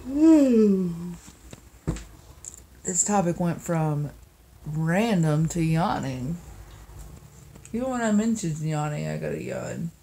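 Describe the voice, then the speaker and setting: A tired young woman vlogging casually, rambling and giggling, often trailing off into soft mumbles. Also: lowish voice, expressive, slow pace, creaky, long pauses, a little hiss or hum.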